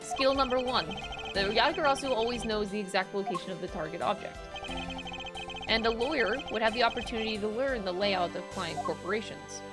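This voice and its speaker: A woman reading the lines of a smug female thief revealing herself, in a calm, taunting way, with game music behind. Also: medium pitch, fairly quick, close to an everyday voice.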